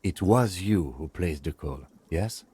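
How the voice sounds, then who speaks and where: Reserved game-world police lieutenant; deep, measured and exact. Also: male voice, lively intonation, warm tone, slightly rough, exaggerated voice. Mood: composed. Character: calm formal male police lieutenant. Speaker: detective. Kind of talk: video game voice acting.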